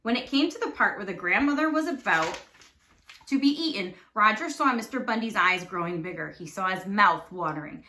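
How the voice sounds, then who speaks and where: A woman teacher reading a storybook aloud with expressive, animated narration. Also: medium pitch. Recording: echoey room.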